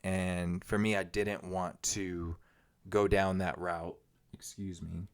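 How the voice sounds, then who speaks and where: A man's voice: sits low, little pitch movement, slow, smooth. A man hosting a solo podcast, talking in a rambling, reflective way with frequent fillers. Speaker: podcast host. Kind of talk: casual solo podcast monologue.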